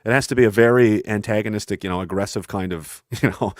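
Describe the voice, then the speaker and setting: A fast, driven man in a casual talk, his voice sitting a little low. He rambles with intensity and slips into quoted voices as he tells stories. The sound is dry and close to the mic. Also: no echo. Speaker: podcast guest. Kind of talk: casual conversation.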